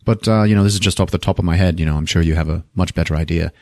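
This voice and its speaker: A podcast co-host with a low voice races through a film recap scene by scene, profane and casual, jumping into character voices to act out the lines. He's an animated storyteller. The recording is dry and clean, with studio sound.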